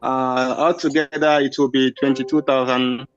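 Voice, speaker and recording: Man, donation reporter; mid pitch, hesitant, dry and muffled line. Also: flat delivery, moderate pace, slight background noise. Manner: hesitant, many uhs. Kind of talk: reading out donations on a call.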